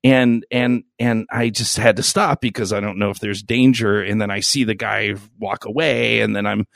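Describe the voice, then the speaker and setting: A man's voice: fairly low pitch, fairly even intonation, normal speed, creaky, fairly bright tone, no room sound, clean studio sound. A man co-hosting a crude podcast, telling a rambling, profane story full of fillers. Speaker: podcast co-host. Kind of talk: crude casual podcast banter.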